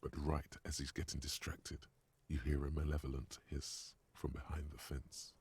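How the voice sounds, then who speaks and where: A man voicing a solemn game narrator who describes the scene in measured tones. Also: rumbling low, monotone, darkish tone, breathy edge, no echo, full character voice.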